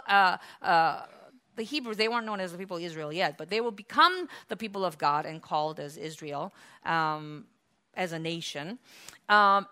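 A woman preaching a sermon in an animated storytelling manner, asking the congregation questions and answering them herself. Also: mid-range voice.

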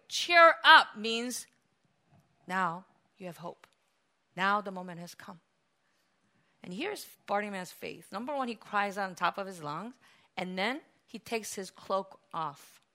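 A woman with a mid-range voice preaches a sermon, telling a story with acted cries. She shifts between loud calls and hushed passages.

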